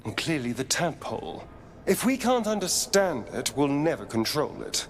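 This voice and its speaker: A man's voice: fairly high pitch, very animated, normal speed, big-room sound, slight background noise. An actor playing an arch, bored male elf noble in a video game, speaking in a languid, faintly sneering way. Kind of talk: video game character dialogue.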